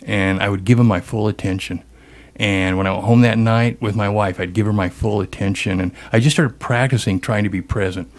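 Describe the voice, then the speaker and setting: A man's voice: on the low side, steady tone, a little fast. A middle-aged man, a guest on an interview show, telling a personal story and acting out the dialogue as he goes.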